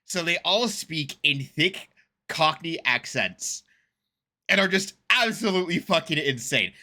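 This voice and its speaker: A man with an American accent, talking through a reaction video in a loose, rambling way. His voice is very bright and swings widely in pitch, and he keeps laughing at himself. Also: animated, unhurried. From United States. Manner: rambling, laughs often, self-mocking. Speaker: reaction streamer. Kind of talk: casual reaction commentary.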